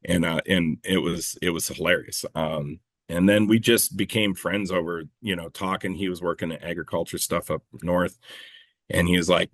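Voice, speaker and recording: A man's voice: deep voice, normal speed, no echo. A man in a casual interview, telling stories in a rambling, self-correcting way, swearing freely and laughing at himself. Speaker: clay shooting competitor and coach, guest.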